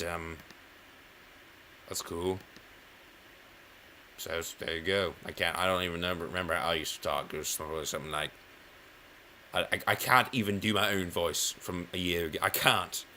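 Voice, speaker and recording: A young man vlogging about his own voices, rambling and halting, restarting sentences and playfully switching how he talks. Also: medium pitch, sharp tone. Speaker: YouTuber. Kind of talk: rambling self-reflective vlog.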